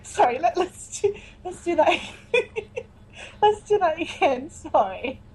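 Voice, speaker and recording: A woman's voice: very high-pitched, animated, takes it slowly, darkish tone, low-quality recording. A woman co-hosting a comedy podcast, giggly, sweary and self-mocking. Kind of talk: casual comedy podcast chat. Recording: music underneath.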